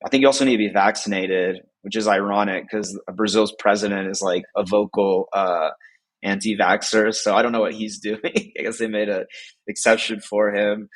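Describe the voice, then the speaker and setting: A man's voice: on the low side, steady tone, normal speed, low-quality recording. A man from the United States, a podcast guest, chatting casually and rambling with lots of "like" fillers. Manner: rambling, heavy use of "like" fillers.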